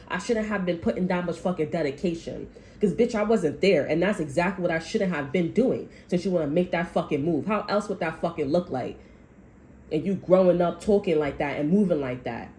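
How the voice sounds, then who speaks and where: A woman's voice: on the low side, brisk, warm tone, a little hiss or hum, poor audio. A woman tarot reader delivering a blunt, heavily profane, heated rant about what spirit is telling her. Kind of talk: channeled reading rant.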